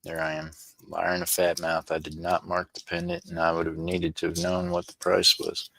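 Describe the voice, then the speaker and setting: A man's voice: low-pitched, completely flat delivery, moderate pace, creaky, fairly bright tone, no room sound. A man hosting a casual live stream, chatting with viewers by name in rambling, joking, slangy banter and laughing often. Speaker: livestream host.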